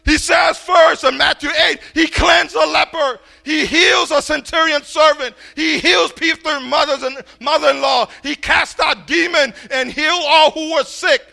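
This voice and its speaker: A middle-aged man preaches to a congregation in a voice pitched very high for a man, with a bright, sharp edge. He surges into shouts and then drops to quiet asides, stammering and repeating words as he goes. A rough, gravelly fry runs under his speech. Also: steady tone, unhurried, hardly any pauses. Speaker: pastor. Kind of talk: sermon. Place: church, before a congregation.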